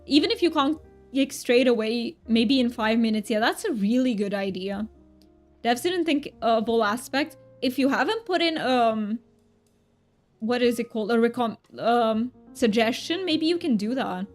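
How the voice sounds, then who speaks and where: A woman's voice: on the high side, soft background music. A woman streaming a game, chatting casually with her party and gushing with delight. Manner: chatty, excitable, quick gasps of delight. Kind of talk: casual live-stream chat while gaming.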